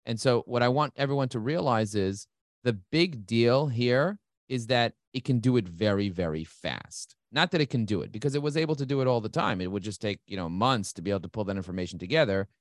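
A middle-aged man talking as an interview guest, fast and enthusiastic, repeating key words for emphasis. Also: mid-range voice, expressive, dry recording, clean studio sound. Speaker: guest, marketing agency CEO. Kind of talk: energetic interview talk.

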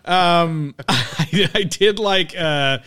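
Bright-voiced guy on a podcast, giggly, riffs on an old movie, kinda high. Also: drawn-out words, clear, resonant tone. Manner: chatty and amused, laughs often, quotes lines in silly voices. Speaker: podcast co-host. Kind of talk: casual chat about an old film.

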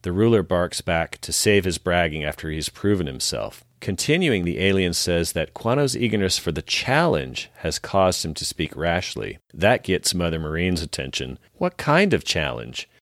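A man co-hosting a podcast, narrating an episode scene by scene with dramatic, measured storytelling and dry asides. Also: low-pitched, sing-song, a bit bright, no echo. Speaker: podcast co-host recapping an episode.

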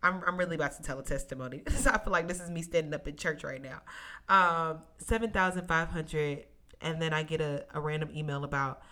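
Young woman podcaster, casual storytelling, bright tone, emotional, talks straight to listeners. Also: sits low, brisk. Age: young adult. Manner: emotional, near tears, testimony-like; animated, addresses listeners as y'all. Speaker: podcast host.

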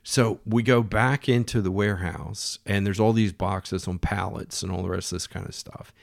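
A man telling a casual anecdote in an animated way, often restarting his phrases. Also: on the low side, normal speed, gravelly, dry recording, studio quality. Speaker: storyteller.

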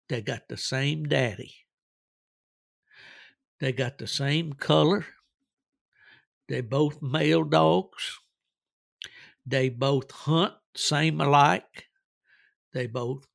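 A man voicing a folksy country auctioneer, giving a slow, drawn-out sales pitch. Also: vocal fry, a bit bright, heavily acted. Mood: salesy.

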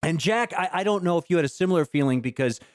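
A man co-hosting a podcast in casual chat, animated and laughing, swearing often. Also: a little high, fast, no echo, studio quality. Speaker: podcast co-host.

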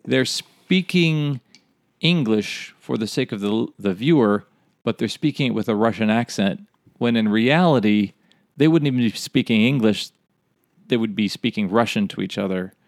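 A man's voice: lowish voice, normal speed, no room sound, studio quality. A man co-hosting a comedy podcast, chatting casually in a rambling way and laughing at his own jokes. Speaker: podcast co-host.

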